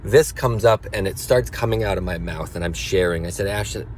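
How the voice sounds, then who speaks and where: A man's voice: low voice, fairly quick, slight background noise. A father talking alone in an earnest, confessional way, his voice rising as he gets emotional. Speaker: father sharing a personal reflection. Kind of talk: unscripted personal monologue. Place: car, after school drop-off.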